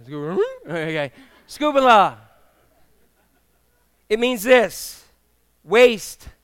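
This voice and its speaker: A middle-aged male pastor preaching a sermon in a church, telling humorous stories with animated, acted-out quotes. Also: high-pitched, clear, resonant tone, no echo. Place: church sanctuary with congregation.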